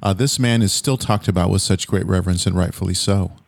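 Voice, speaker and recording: A man from California hosts the interview in a low voice, putting his questions in a deliberate, formal way. His voice is recorded dry and close, with no room sound. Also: creaky, no echo. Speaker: podcast host.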